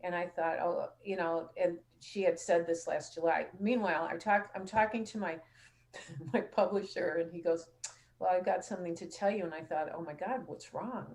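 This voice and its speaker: The host of a laid-back call-in show speaks at normal speed in a fairly low, darkish voice. She tells stories in a chatty manner and performs the dialogue of the people she quotes.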